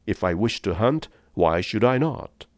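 A man's voice: on the low side, expressive, a little slow, dry recording, studio quality. A man reading the part of a polished, amused and condescending aristocratic general with cold-blooded views. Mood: suave.

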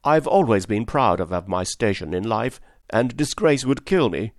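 A man's voice: a little high, very animated, normal speed, no echo, clean studio sound, voice pushed up. A man voicing a proud butler who pleads in a strained, emotional voice. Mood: pleading. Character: desperate proud old male butler.

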